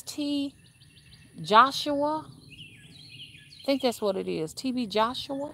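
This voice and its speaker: A woman's voice: a little high, expressive, takes it slowly, pauses often, bright, forceful tone. Woman rootworker chatting on a livestream, calls everyone y'all, rambly, faint noise outside. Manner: chatty, addresses viewers as y'all, reads comments aloud; rambling with frequent restarts and fillers. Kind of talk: casual livestream chat.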